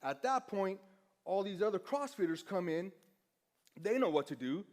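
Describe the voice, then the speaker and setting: Casual man preaching with slightly high voice. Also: animated, normal speed, a little mellow. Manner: casual, self-deprecating, acts out dialogue. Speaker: pastor. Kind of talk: conversational sermon storytelling.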